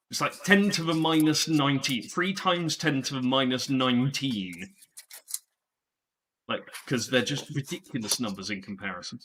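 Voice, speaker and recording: A man's voice: mid-range voice, bright, forceful tone, slight background noise, poor audio. A man co-hosting a live quiz, chatting in a nerdy, dry, joking way. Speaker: quiz co-host. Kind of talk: casual quiz livestream chat.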